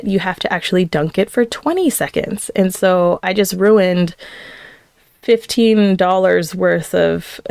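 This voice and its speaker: A woman in her thirties tells a personal story on her podcast in a chatty, animated way. Her voice is smooth with a gravelly edge of fry. The recording is dry and close. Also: fairly low pitch, no room sound. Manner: chatty, animated retelling with quoted voices and laughs. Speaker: podcast host.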